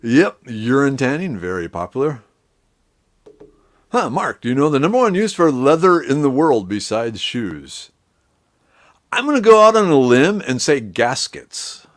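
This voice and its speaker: A middle-aged man hosting a live stream, chatting casually with viewers in a relaxed, rambling way and greeting them by name. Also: mid-range voice, measured pace.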